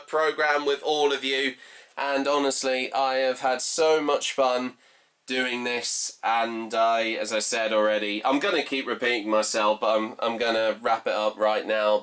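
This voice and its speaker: Young male fan host, effusive and giggly, bright clear voice, unhurried delivery. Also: fairly high pitch. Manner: effusive, gushing, laughs often. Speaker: fan host of a themed stream. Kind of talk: casual emotional fan commentary.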